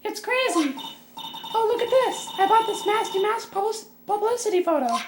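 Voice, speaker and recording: A man reading a perky young female sidekick in a high falsetto, chatty and excited. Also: normal speed, noisy background. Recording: echoey room with game music.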